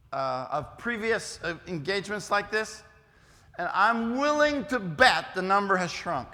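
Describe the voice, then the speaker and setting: Folksy older man teaching in a hall. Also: sits high. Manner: folksy, teasing, animated asides to the audience. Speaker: youth speaker. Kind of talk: lively classroom lesson. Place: church hall. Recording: long reverb of a hall.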